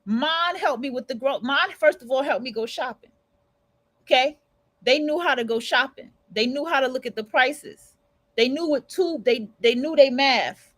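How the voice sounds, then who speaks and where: A woman hosts a casual livestream and rants bluntly, swearing freely and hammering each point home. Her voice sits high. The sound is close and dry. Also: moderate pace, a bit bright, dry recording, poor audio. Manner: blunt, profane, emphatic ranting. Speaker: livestream radio host.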